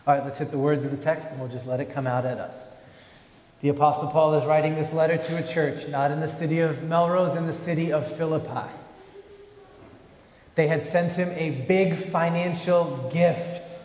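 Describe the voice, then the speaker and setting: A man preaching a lively sermon, joking and acting out little voices as he teaches from a verse. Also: fairly high pitch, moderate pace. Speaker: pastor. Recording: echoey hall, long reverb.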